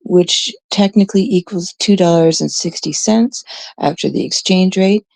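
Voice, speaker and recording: A woman's voice: fairly low pitch, moderate pace, vocal fry, darkish tone, dry recording. A Canadian woman livestreaming, rambling casually and talking straight to her chat viewers on a close mic.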